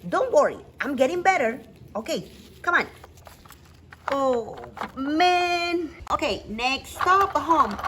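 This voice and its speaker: High and unhurried, a woman plays out a toddler-doll story with big dramatic gasps and cries. She coos gently at little toy animals, drawing the words out slowly. There is a faint hiss behind her voice. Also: expressive. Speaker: doll play narrator. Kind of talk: playful toy play voicing toddler dolls.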